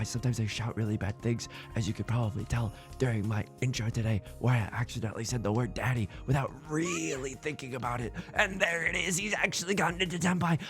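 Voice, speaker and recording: A young man giving casual, playful commentary while he plays an online game, with jokey asides and sudden excited jumps. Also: medium pitch, a little fast, over music. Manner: drops to a stage whisper at times. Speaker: let's play streamer.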